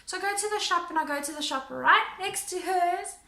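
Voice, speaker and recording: A woman tells a story to her camera in a casual, animated way. Her voice is high and bright with a gravelly edge. The room sounds echoey. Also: a little fast. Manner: animated retelling, acting out quotes. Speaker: vlogger.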